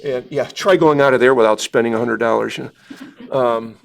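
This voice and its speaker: Answering questions from the group as he paints, a man leads a live watercolor demo in a club meeting room. His mid-range voice has vocal fry and a normal speed, and his chat is rambling, self-deprecating and heavy on fillers.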